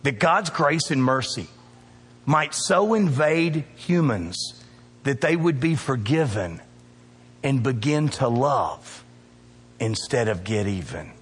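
A man's voice: mid-range voice, lively intonation, slow pace, husky, in a large hall. A male pastor preaching a sermon, emphatic and calling out to his congregation in a church. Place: church sanctuary.

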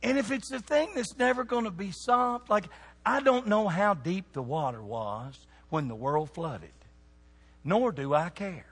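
A high, husky-voiced man, preaching to young people. His pitch swings widely as he quizzes the crowd and keeps them answering. The sound rings with a long reverb, as in a church hall. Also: measured pace. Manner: animated, asks the audience questions.

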